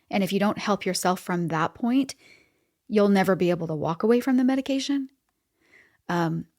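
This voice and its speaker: A woman's voice: mid-range voice, a little mellow. A middle-aged woman hosting a podcast, giving casual motivational talk in a conversational way, with frequent laughs and fillers. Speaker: podcast host.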